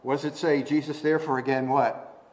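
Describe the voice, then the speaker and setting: Preaching in a conversational style, this man asks rhetorical questions and keeps restarting his thoughts, getting higher and louder whenever he quotes scripture. His tone stays level and his pace runs slightly fast.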